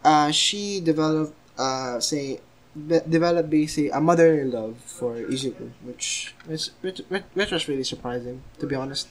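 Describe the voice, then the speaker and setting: A man's voice: a little high, normal speed. A young man casually retelling a fan story, rambling and hesitant with many fillers, often apologizing.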